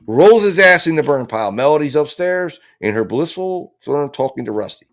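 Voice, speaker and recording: A man's voice: fairly high pitch, expressive, moderate pace. A man commenting live on a murder trial, building his theory with heat and acting out the lines he imagines people saying. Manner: impassioned, theorizing, acts out quoted lines. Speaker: true-crime trial commentator.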